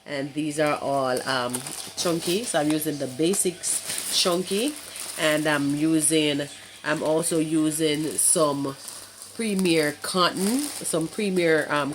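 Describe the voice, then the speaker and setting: A woman with a stuffy, nasal voice from a cold, chatting excitedly and repeating herself as she unboxes in a casual vlog. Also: deep voice, noisy background. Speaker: crochet vlogger.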